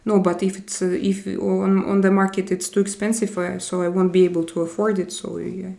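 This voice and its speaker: This Russian woman, speaking with a Russian accent, runs a relaxed live stream where she reads chat and responds to viewers, shifting from one language to another. Her mid-range voice is gravelly and mellow, level in tone and a little fast.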